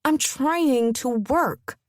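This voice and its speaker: A woman's voice: a little high, sing-song, normal speed, dry recording, clean studio sound, pitched above the performer's own voice. A woman voicing a stressed, sarcastic young woman student in an audiobook. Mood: impatient. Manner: sarcastic, clipped.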